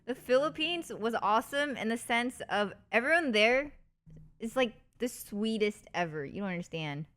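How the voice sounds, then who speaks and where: A young woman streamer telling a story in a casual, bubbly way, full of fillers and restarts. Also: normal speed. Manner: animated, putting on high eager voices when quoting people.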